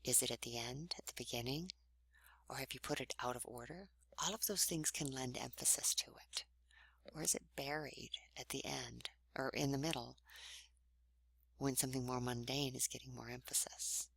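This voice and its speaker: A woman, a writing instructor, giving a recorded online lecture in a conversational, explanatory way, often trailing off into breathy endings. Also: rumbling low, moderate pace, a bit bright, no room sound.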